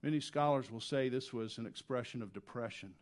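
A man preaching a sermon as pastor, earnest and conversational, dropping quiet and then rising loud when he voices desperate prayers. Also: medium pitch, fairly quick. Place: church.

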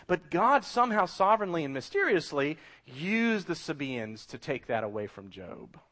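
A man's voice: sits high, fairly bright tone. A middle-aged man preaching a sermon as a pastor, emphatic and full of rhetorical questions.

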